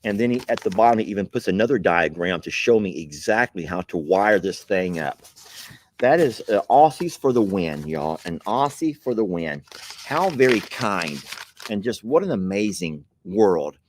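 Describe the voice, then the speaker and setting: A man's voice: on the low side, expressive, normal speed, a little hiss or hum. A man, chuckling and grateful as he hosts a casual chat, reading viewer mail aloud. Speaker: channel host opening viewer mail.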